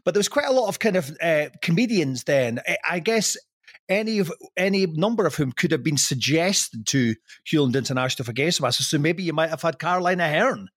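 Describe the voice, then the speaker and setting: A middle-aged man talking on a podcast, with a voice sitting a touch high for a man. He rambles, makes fun of himself and breaks into laughs often. The sound is dry and close, with no room around it. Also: animated, fairly quick, a bit bright, no room sound. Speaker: podcast guest. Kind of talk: casual podcast chat.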